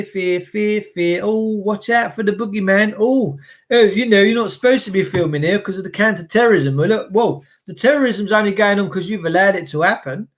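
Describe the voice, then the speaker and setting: A man's voice: sits high, a bit bright. An English man ranting in a monologue, swearing and firing repeated rhetorical questions in an indignant tone. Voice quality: coarse, sweary. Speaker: commentator.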